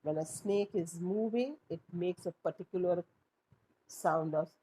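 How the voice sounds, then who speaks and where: A woman, teaching a class and explaining slowly with rhetorical questions. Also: fairly low pitch, warm tone, slight background noise, low-quality recording. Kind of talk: classroom lesson.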